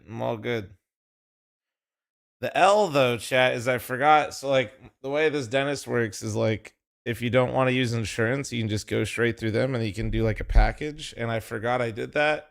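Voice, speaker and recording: A man hosts a live-stream watch party, talking straight to chat in a loose, laughing, profane way. His slightly nasal voice is medium-pitched and a bit bright.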